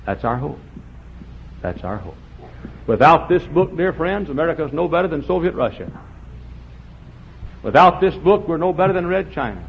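A man preaching a fiery revival sermon, swinging from shouts to low quiet lines. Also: lively intonation, fairly quick, gravelly. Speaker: pastor. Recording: dull lo-fi with faint hiss.

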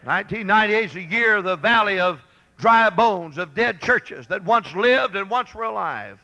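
Revival preacher, a man, high gravelly voice, thunders and repeats his calls. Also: expressive, normal speed, poor audio. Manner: shouting, thundering, repetitive exhortation. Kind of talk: fiery revival sermon. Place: church service with congregation.

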